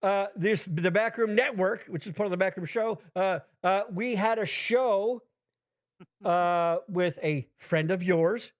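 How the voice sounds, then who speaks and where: A man hosting a podcast, rambling in casual profane chat with big swings in pitch. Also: measured pace. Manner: rambling, swears constantly, animated swings in pitch. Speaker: podcast host.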